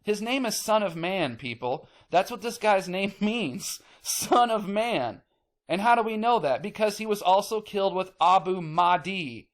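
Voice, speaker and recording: A man's voice: high-pitched, expressive, unhurried. A man hosting his own channel, ranting emphatically to the camera, repeating himself, swearing casually and getting worked up. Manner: emphatic, repetitive, gets worked up. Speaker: channel host.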